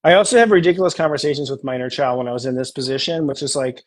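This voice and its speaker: A man hosting a casual spiritual coaching chat, animated and acting out tender inner dialogues. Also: medium pitch, racing. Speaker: astrologer host.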